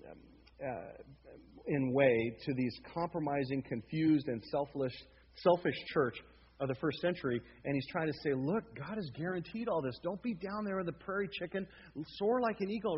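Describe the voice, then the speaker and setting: Emphatic pastor preaching in a reverberant hall. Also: male voice, fairly high pitch, slightly rough. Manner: emphatic, repeats key words, asks the congregation to answer back. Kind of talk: expository sermon. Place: church sanctuary. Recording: reverberant hall, dull lo-fi sound, faint noise.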